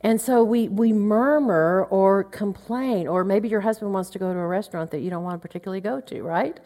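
A woman's voice: mid-range voice, brisk, mellow. A middle-aged woman from Oklahoma teaching a women's Bible study, chatty and anecdotal, acting out little grumbles under her breath. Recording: long hall reverb.

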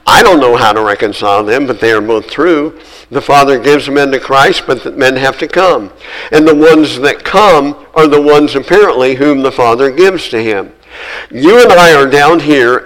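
Male preacher, sermon, earnest, emphatic, repeats phrases, slows for key words, mid-pitched. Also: expressive, fairly bright tone, poor audio.

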